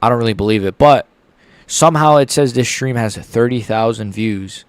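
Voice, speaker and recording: A man's voice: medium pitch, normal speed, smooth, no echo. A young man hosting a casual live reaction stream, rambling and stumbling over his words as he chats. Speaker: livestream host.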